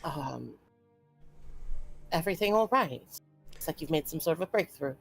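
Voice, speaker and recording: A woman voicing a reserved, formal young noblewoman who speaks in a measured, dry way. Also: deep voice, animated, gravelly, breathy edge, soft background music, full character voice.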